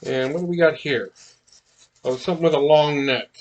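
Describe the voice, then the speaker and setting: A man's voice: fairly high pitch, moderate pace, lo-fi sound. A man chatting casually as he unboxes miniatures, rambling with many fillers and restarts. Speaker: miniatures collector unboxing blind boxes.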